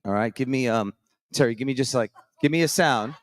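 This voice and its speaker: An energetic man hosts a live stage contest, calling contestants up and beatboxing beats for them. His voice sits at a middling pitch. The sound is dry and close. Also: a little fast, no room sound. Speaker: morning show host. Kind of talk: live event hosting. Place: conference stage with audience.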